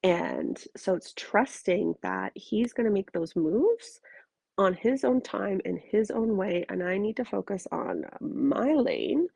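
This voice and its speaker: Curled up in bed, a tired podcast host and relationship coach delivers a casual solo monologue, speaking frankly and emphatically and cursing freely. Her mid-range voice moves slowly with lively intonation, vocal fry, slight roughness and a little mellowness. No room sound is present.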